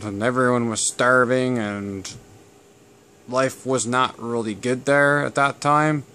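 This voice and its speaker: A man's voice: medium pitch, a bit bright, clear, resonant tone. A man, from Canada, talking casually to camera about family history in a rambling, digressive way. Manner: rambling and digressive, with many fillers. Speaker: channel host.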